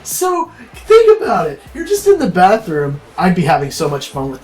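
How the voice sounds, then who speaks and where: A woman's voice: on the low side, wildly swooping pitch, moderate pace, few pauses, a little mellow, soft background music, rough recording. A woman co-hosting a casual comedic podcast, swearing freely and laughing often. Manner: crude, laughs a lot. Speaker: podcast co-host.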